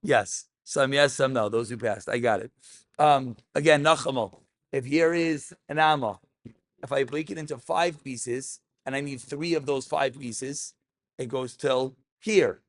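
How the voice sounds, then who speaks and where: A man teaching a Talmud class, animated, mixing English with Aramaic terms and raising his voice for emphasis. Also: medium pitch, measured pace, no echo.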